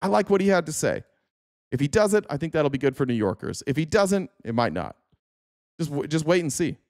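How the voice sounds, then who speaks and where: A man's voice: on the high side, sing-song, brisk, a little mellow, no room sound, studio quality. A man hosting a livestream, reacting to political clips with sarcastic, profane casual commentary.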